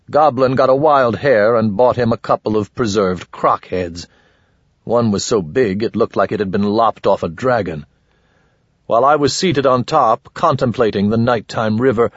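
A man narrating a story in the first person, with a measured, dry delivery, close to the mic. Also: lowish voice, slightly rough, dry recording, highs cut off. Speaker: audiobook narrator.

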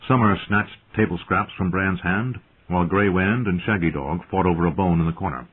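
Casting note: low, husky male narrator, steady storytelling, tinny phone-like audio. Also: a little fast. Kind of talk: scripted narration. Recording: narrow phone-like sound.

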